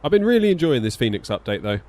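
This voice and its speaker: A man's voice: medium pitch, sing-song, quick pace, a little mellow. A man, streaming a flight simulator and chatting casually with his viewers while he flies. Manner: chatty, thinks aloud and answers his chat. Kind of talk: casual live-stream chat while flying.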